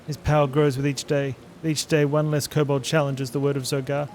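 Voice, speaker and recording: Over loud game music, a man reads game dialogue as a nervous little kobold creature that repeats every phrase with three synonyms. His mid-range voice barely moves in pitch, runs fairly quick, and stays close to an everyday voice, with a fearful mood.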